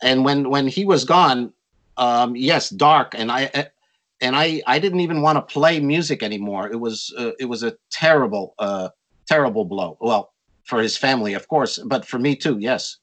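An older man telling stories from his music career in an interview, animated and acting out quotes in a raised voice. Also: medium pitch, normal speed, poor audio. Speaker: interview guest, jazz musician. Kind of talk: storytelling in a conversation.

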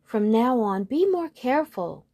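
A woman's voice: fairly high pitch, big pitch swings, measured pace, mellow, pitched above the performer's own voice, full character voice. A woman voicing a proud, bossy female unicorn in a storybook reading, speaking in a commanding, theatrical way. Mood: firm, pleading.

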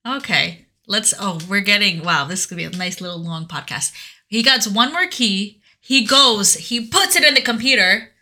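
A woman's voice: mid-range voice, animated, normal speed, bright, forceful tone. A woman co-hosting a podcast, asking curious questions about a video game's story and laughing often in casual chat. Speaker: podcast co-host.

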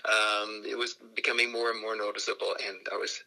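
An older man from Canada, a radio interview guest who tells lively stories and acts out the voices in them. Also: lowish voice, brisk, vocal fry, low-quality recording. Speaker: guest, fan group founder.

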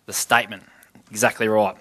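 A man's voice: fairly low pitch, flat delivery, a little fast, fairly bright tone. A man giving an informal Bible teaching, reading scripture passages aloud and then explaining them in an easygoing, conversational way, with questions to his listeners.

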